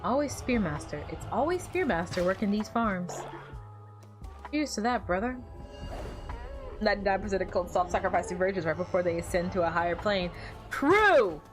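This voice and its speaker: A woman's voice: mid-range voice, a little fast, music in the background. A woman streaming a game with wry, joking commentary. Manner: wry, joking, sings silly bits. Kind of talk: casual gameplay commentary.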